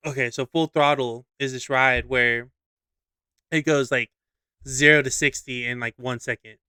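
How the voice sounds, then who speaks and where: Animated young man, casual storyteller, swears a lot, bright tense voice, dry close sound. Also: medium pitch, a little slow, clean tone, no room sound. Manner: animated, swears freely, acts out scenes. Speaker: podcast co-host.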